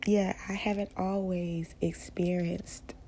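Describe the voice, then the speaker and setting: Woman, podcast host, gravelly, mellow, soft half-whispered delivery, faint hiss behind. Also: fairly low pitch, little pitch movement, slow. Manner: soft-spoken, often drifting into a whisper; rambling, with restarts and fillers. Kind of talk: casual spiritual podcast talk.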